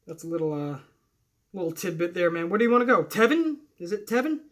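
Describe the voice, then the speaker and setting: A young man hosting a casual wrestling Q&A, swearing freely and rambling in an animated, hyped way. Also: high voice, fast. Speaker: wrestling commentary host. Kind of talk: casual Q&A livestream chat.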